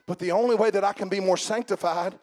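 This male preacher's voice sits high and holds a steady tone as he delivers a sermon, speaking straight to the congregation with humor. For emphasis he raises his voice and slows his delivery, before slipping into hushed asides.

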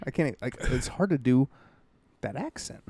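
A man co-hosting a comedy podcast, talking in animated, swearing banter. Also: mid-range voice, normal speed, no room sound. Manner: animated, swearing, laughing through lines. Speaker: podcast co-host.

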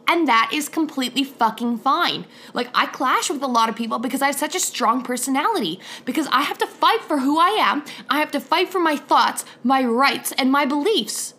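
A young woman hosts her own podcast alone, ranting bluntly and heatedly with a swear word in nearly every sentence. Her voice is high, with a sharp tone.

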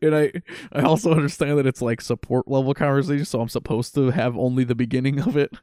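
A man in casual chat, animated and exasperated, acting out what characters say. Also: medium pitch, fast, clear, resonant tone, no room sound, studio quality. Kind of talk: casual chat about a video game.

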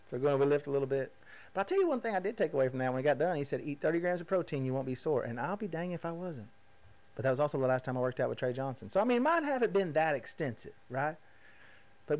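A podcast host in his 30s who works as a rodeo roper tells stories in a casual monologue. His voice is medium-pitched and animated. He acts out the voices of the people he quotes and laughs at himself.

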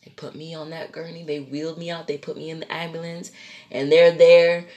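A woman telling a personal story in an animated, rambling way, acting out the people in it and repeating herself. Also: low-pitched, fairly quick, lo-fi sound, noisy background. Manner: animated, acts out the voices of people in her story; rambling, repeats and restarts phrases.

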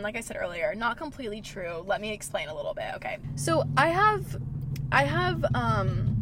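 A young woman hosts a podcast from her car, parked in a gas station lot, chatting casually with plenty of "like" and frequent swearing. Her voice is medium-pitched with a fairly bright tone, and there's slight background noise.

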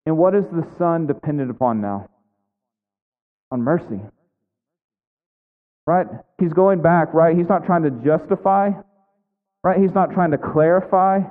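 A man's voice: a little slow, pauses often. Preacher man, thin echoey sound. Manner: conversational preaching, frequent "right?" asides; acts out biblical characters' lines with shifting pitch. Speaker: pastor. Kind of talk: sermon. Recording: echoey hall over a thin phone-like line.

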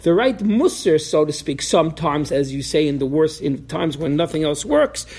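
A man's voice: fairly high pitch, expressive, moderate pace, creaky, darkish tone, breathy edge. A man giving an informal Torah class, talking animatedly, acting out voices from the story, and often restarting his sentences. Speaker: Torah teacher.

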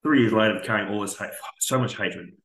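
An army veteran on a podcast tells a raw, candid personal story, swearing often and acting out the dialogue. His voice sits on the low side, fairly quick and a bit bright, and the recording has a roomy echo.

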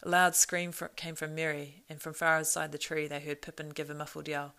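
A woman narrating a storybook in a measured, expressive reading. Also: low voice, smooth. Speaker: audiobook narrator.

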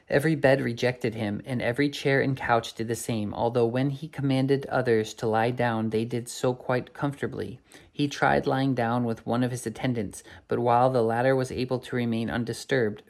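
A man reads a story aloud in a gravelly, creaky voice. He sometimes trips over a word and goes back over it before carrying on. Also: mid-range voice. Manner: stumbles and rereads words. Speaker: reader.

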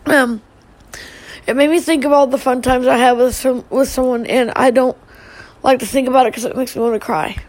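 During a live stream, a middle-aged woman gives her family a tearful, emotional personal message, halting with sighs and restarts. Her voice sits high with a darkish tone and fairly even intonation, and the recording is rough.

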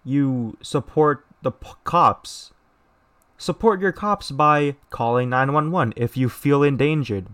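Speaking slowly in a mid-range, slightly bright voice, a young podcast host from the United States reads out a news story on his solo show. He rants bluntly with lots of swearing, frequent restarts, and mocking impressions.

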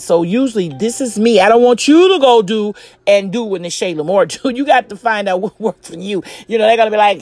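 A woman's voice: medium pitch, expressive, a little fast, no echo. A woman talking casually and bluntly about relationships, cursing and laughing often and addressing her listeners directly. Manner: addresses listeners as ladies and gentlemen. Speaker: relationship advice host. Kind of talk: casual advice monologue.

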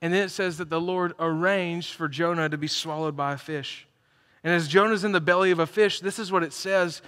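A man preaching a sermon to a live congregation, telling stories with energy and building to loud, emphatic peaks. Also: a little high, fairly even intonation, fairly quick. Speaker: pastor. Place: church hall, live congregation. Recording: reverberant church hall.

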